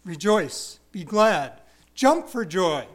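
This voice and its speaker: A man preaching an expository sermon, stressing key words by repeating them and dropping into quiet, self-deprecating asides. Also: high-pitched, sing-song, takes it slowly. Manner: wide swings from loud stresses to quiet asides.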